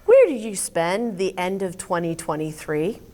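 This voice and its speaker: Lively-voiced woman talk show host. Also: lowish voice. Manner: encouraging, lively interviewer with quick affirmations. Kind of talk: interview host.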